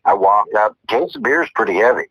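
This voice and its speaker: An older man telling a story in casual chat, animated, repeating himself and acting out quotes. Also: on the low side, a little fast, husky, no room sound, low-quality recording.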